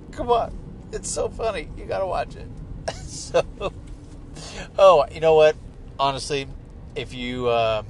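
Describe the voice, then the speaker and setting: Middle-aged man, podcast host, swearing casually, mid-pitched voice, faint car noise behind. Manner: profane, rambling, joking. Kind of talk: casual rambling monologue. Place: inside a moving car. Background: car and traffic noise.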